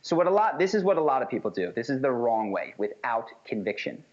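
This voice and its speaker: A man's voice: medium pitch, big pitch swings, quick pace, lo-fi sound. A man giving a recorded course lecture, explaining with acted-out examples. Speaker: communication instructor.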